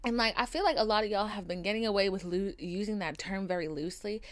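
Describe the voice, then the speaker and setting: A woman's voice: mid-range voice, fast talker. A woman hosting a podcast, telling a story in a casual rant, swearing freely and acting out what other people said. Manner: profane, animated, mimics people in quotes. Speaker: podcast host.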